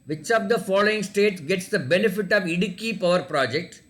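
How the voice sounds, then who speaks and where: High-voiced teacher running a quiz. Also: male voice, lively intonation, a bit bright. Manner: spells words letter by letter, repeats questions slowly. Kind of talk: online class quiz, reading questions aloud.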